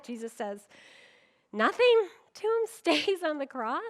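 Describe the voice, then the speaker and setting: A woman's voice: very high-pitched, sing-song, normal speed. A middle-aged woman pastor giving a conference sermon, telling stories with humor and acting out quoted voices. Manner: humorous, with frequent laughs.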